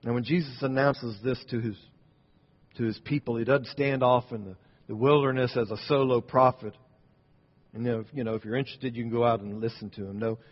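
A man's voice: mid-range voice, fairly even intonation, a little fast, breathy edge. Man preaching in a reverberant hall. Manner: storytelling, rising and falling in volume. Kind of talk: sermon. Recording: dull sound in a reverberant hall.

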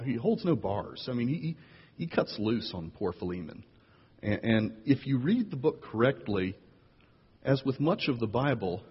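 Man, pastor, sermon, playful, animated, husky voice, dull echoey hall recording. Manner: playful, animated storyteller with big jumps in pitch. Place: church sanctuary.

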